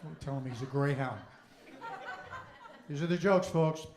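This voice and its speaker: A man performs stand-up comedy in a live club, his voice a touch higher than most men's. He moves quickly from joke to joke and rattles off long, deadpan lists. The room around him rings with echo. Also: some chatter behind.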